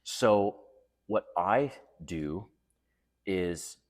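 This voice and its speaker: Man, middle-aged, very deep voice, animated delivery, chatty storyteller, casual advice vlog host. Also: extremely slow. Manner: chatty storytelling, chuckles often.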